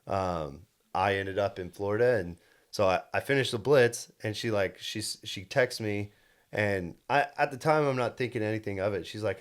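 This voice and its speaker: Deep-voiced young man rambling earnestly. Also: moderate pace. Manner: earnest, rambling, full of restarts and "like". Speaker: podcast co-host and solar salesman. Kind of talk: casual storytelling chat.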